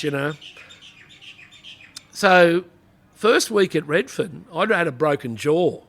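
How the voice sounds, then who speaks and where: A man's voice: fairly high pitch, lively intonation, slow pace, vocal fry, pauses often, a bit bright. A middle-aged man with an Australian accent, a former police officer telling rambling anecdotes in a casual interview, full of "you know" asides.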